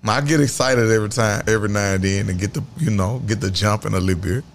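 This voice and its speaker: A man's voice: on the low side, fast, a little hiss or hum. Blunt, self-assured man in his thirties. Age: 30s. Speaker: guest. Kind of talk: casual interview talk.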